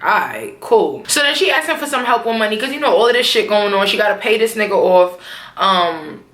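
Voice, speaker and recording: A young woman giving a casual, profane and opinionated TV episode recap, talking in an animated way. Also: medium pitch, fairly quick. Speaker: TV recap vlogger. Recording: echoey room.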